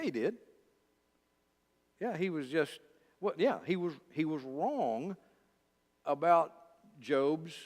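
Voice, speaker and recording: A man, teaching a church Bible study at a middle pitch. He talks informally and straight to the room. His voice carries a long reverb from the church hall. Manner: conversational, talks straight to the listeners, with lively asides. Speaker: pastor.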